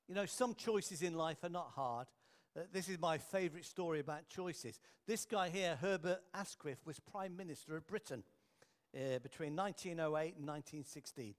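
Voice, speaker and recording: A man's voice: a little high, moderate pace. Earnest storytelling male preacher. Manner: anecdotal, earnest, drops quiet for emphasis. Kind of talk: storytelling sermon.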